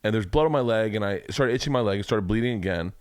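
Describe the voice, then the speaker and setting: A man's voice: lowish voice, expressive, fast talker, clear, resonant tone, no echo, clean studio sound. A man hosting a podcast, telling a story in a casual chat, acting out the people he quotes and swearing freely. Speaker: podcast host. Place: home studio room.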